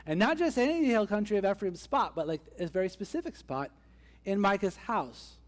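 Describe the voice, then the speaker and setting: In a church sanctuary, recorded with long church hall reverb, a pastor preaches a conversational sermon at normal speed. His voice sits high with lively intonation, and he acts out the characters' voices as he tells the story.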